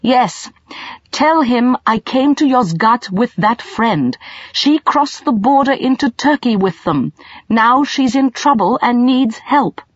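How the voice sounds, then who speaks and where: A woman's voice: fairly high pitch, expressive, takes it slowly, no room sound, dull audio, voice pushed up. A woman voicing a determined young male traveller who speaks in an earnest, clipped way, in a storybook reading. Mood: insistent.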